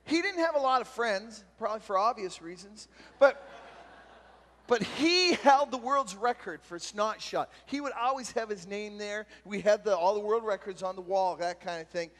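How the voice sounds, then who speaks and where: A youth pastor giving an animated storytelling talk at a youth retreat and shouting out the punchlines. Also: male voice, sits high, moderate pace. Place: large retreat meeting hall. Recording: long hall reverb from a live talk.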